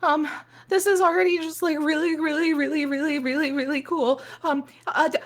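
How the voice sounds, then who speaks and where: A woman's voice: high voice, fairly even intonation, moderate pace, pitched above the performer's own voice, natural voice. A woman voicing a giddy, starstruck fan in their late twenties who stammers and gushes. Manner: stammering, gushing, breathless.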